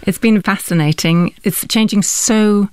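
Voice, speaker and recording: A middle-aged woman from Scotland, an AI researcher, calmly explaining her work as an interview guest. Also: medium pitch, measured pace, clean tone, no echo. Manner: calm, explanatory. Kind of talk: measured interview answers.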